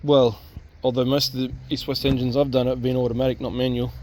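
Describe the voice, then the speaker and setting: A man's voice: mid-range voice, little pitch movement, quick pace, dark tone, slight background noise. A young man, the channel host, chatting casually and asking lots of questions while working on a car in a home garage. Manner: chatty, laughs often, asks lots of questions.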